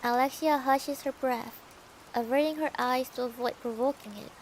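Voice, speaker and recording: A woman's voice: high-pitched, fairly even intonation, moderate pace, a little hiss or hum, rough recording. A young woman reading a novel aloud for her stream, playful and adding her own comments between passages. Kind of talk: casual storybook reading with asides.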